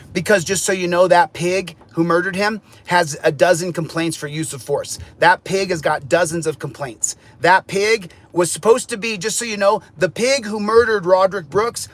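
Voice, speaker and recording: Angry guy ranting, high pitched, keeps repeating himself, swears a lot. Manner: furious, repetitive, preachy, swearing. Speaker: guest who checks in. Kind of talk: angry rant.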